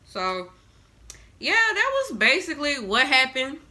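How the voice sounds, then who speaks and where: A woman's voice: high-pitched, sing-song, measured pace, sharp tone. A woman vlogger telling a story in casual chat, blunt and profane.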